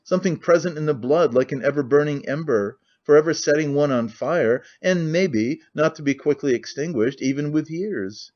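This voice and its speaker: A man's voice: on the high side, normal speed, hardly any pauses, darkish tone, lightly acted. A man reading as a jaded idle nobleman. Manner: rambling, confiding, languid candor. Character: jaded cynical middle-aged nobleman, idle and talkative. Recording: muffled lo-fi audiobook recording.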